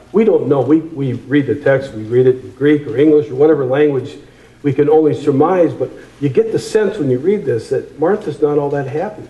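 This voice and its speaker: A man preaching a sermon, emphatic and repeating phrases, slowing down on key words. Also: on the high side, echoey room, highs cut off.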